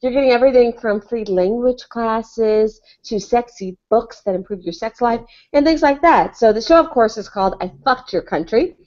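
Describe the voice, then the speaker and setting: A giggly, excited woman hosts a casual recorded chat, laughing often between her questions. Her voice sits a little high. The recording is dull and lo-fi. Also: moderate pace, few pauses. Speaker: sex columnist and show host.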